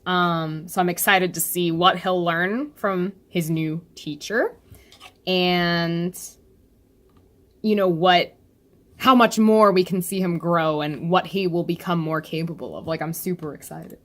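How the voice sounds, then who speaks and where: A woman in a casual, animated chat, reading and reacting to a comic chapter, laughing often and swearing casually. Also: fairly low pitch, measured pace. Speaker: webcomic chapter reviewer.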